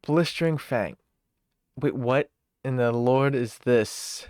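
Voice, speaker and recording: A game streamer casually talking through a live stream, reading in-game text aloud, thinking out loud and laughing easily. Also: medium pitch, takes it slowly, no room sound, clean studio sound.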